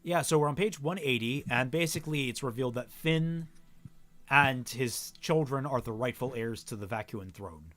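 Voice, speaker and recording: A man's voice: mid-range voice, moderate pace, fairly bright tone. A man co-hosting a casual book reading, reading dialogue aloud with frequent stumbles and self-corrections. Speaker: co-host reading a novel aloud. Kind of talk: casual read-aloud, voicing characters plainly.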